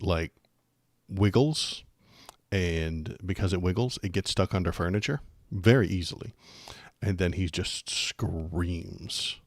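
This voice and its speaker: A man's voice: sits low, dry recording, clean studio sound. A man hosting a political livestream, chatting casually and rambling with jokes and lots of fillers.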